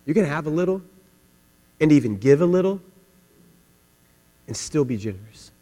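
A male pastor preaching a sermon, telling stories and swinging from quiet asides to loud, emphatic questions. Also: fairly high pitch, sing-song, normal speed. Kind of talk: sermon with storytelling. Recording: long hall reverb with mains hum.

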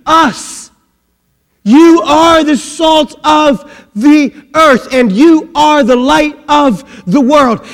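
A man preaching a sermon, swinging between impassioned shouting and hushed intensity. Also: extremely high pitch. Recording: long reverb of a large hall.

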